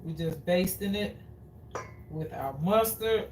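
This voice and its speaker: Slow, chatty woman cooking-show host. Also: on the low side, expressive, noisy background. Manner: chatty, repeats phrases, addresses viewers as guys. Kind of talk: live cooking demonstration. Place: home kitchen. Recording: roomy, distant from the mic.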